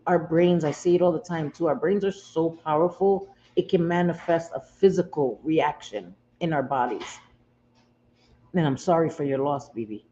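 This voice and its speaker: A woman's voice: low-pitched, moderate pace, mellow. A woman hosting a casual livestream from home, talking emotionally and confidingly with viewers, close to tears and often repeating herself. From United States. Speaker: livestream host. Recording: dull lo-fi audio with faint room noise.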